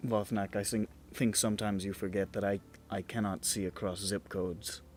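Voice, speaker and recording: A man chatting casually at a tabletop game, playful and quick to laugh, sometimes tripping over his words. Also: fairly low pitch, little pitch movement, a little mellow, a little hiss or hum. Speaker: game master.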